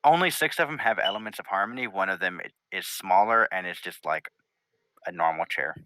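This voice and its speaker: A man's voice: low-pitched, brisk, sharp tone, dry recording, poor audio. A man narrating a tabletop game as game master, rambling through scene description with many fillers.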